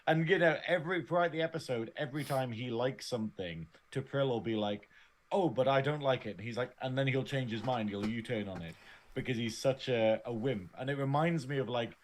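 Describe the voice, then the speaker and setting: Co-host, mid-pitched, chatty and wry, quick to laugh. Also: male voice, low-quality recording. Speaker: podcast co-host. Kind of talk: casual review chat.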